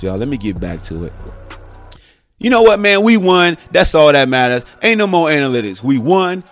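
A man hosting a sports podcast, talking in an animated, slangy monologue with loud and soft swings, faint music behind him. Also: medium pitch. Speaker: podcast host.

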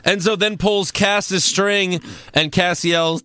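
A man's voice: high-pitched, fairly even intonation, takes it slowly, sharp tone, smooth, no echo. A man co-hosting a casual wrestling recap podcast, sarcastic and jokey.

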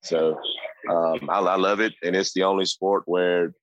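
Deep-voiced emphatic football coach. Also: male voice, fairly even intonation, unhurried, no room sound, lo-fi sound. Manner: emphatic, repetitive restarts. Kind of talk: casual chat.

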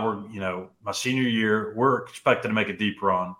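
A young man with a low, bright, forceful voice tells a long story in loose, animated podcast chat. He leans on "dude" and "like" as he goes. The room around him rings with echo. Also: normal speed, few pauses. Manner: animated, says "dude" and "like" often. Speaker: podcast co-host.

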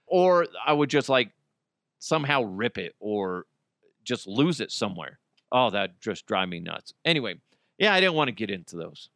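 A man's voice: fairly low pitch, sing-song, normal speed, a bit bright, no echo, studio quality. A man hosting a podcast, talking casually in a crude, jokey way and slipping into mocking voices. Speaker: podcast host. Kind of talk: casual solo podcast rant.

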